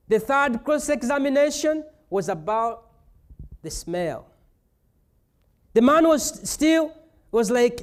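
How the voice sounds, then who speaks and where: A man's voice: high voice, expressive, a little slow. A man preaching a sermon as pastor, retelling a scripture story with playful asides.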